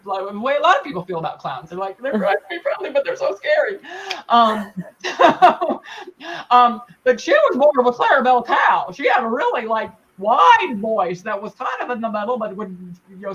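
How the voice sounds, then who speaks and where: A woman in her forties, a puppeteer guest in a casual interview, talking in an animated, chatty way, laughing often and restarting her sentences. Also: medium pitch, slight background noise. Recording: dull lo-fi sound.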